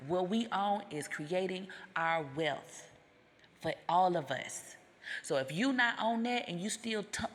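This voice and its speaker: Casting: American woman, low voice, combative profane rant, long reverb on the recording. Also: a bit bright. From United States. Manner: confrontational, emphatic, profane. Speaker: vlogger. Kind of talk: ranting monologue.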